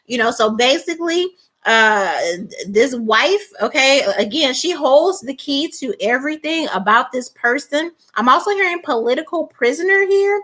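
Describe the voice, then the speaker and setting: A woman's voice: high voice, animated, normal speed, sharp tone. A woman giving a tarot reading, emphatic and repeating "okay?" and "all right?", acting out the people she quotes. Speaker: tarot reader.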